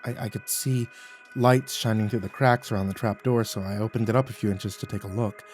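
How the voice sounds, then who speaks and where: A man narrating a first-person horror story in a measured, hushed manner, often dropping quiet. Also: lowish voice, steady tone, faint music behind.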